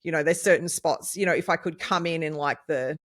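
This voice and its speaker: Chatty woman, rambling and excitable. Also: deep voice, a little fast. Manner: rambling, excitable, lots of fillers and laughs. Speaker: podcast co-host, nutritionist. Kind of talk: casual chat.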